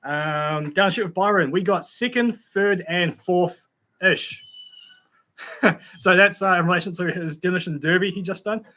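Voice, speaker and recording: Bright-voiced Australian man chatting live. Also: high voice, normal speed. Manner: chatty, friendly, many fillers, greets viewers by name. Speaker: YouTube channel host reading live chat. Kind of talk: casual live-stream chat.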